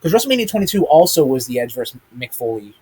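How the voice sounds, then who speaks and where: A man's voice: on the high side, sing-song, quick pace, crowd noise. A man hosting a live-streamed wrestling chat, rambling with many ums and casual swearing. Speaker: podcast host. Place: streaming room with a big chat monitor.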